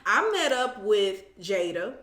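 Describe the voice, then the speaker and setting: A woman's voice: medium pitch, takes it slowly, reverberant. A woman casually recapping a reality show, telling it with sassy asides and acting out the quotes. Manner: animated storytelling, acts out quotes, sassy asides.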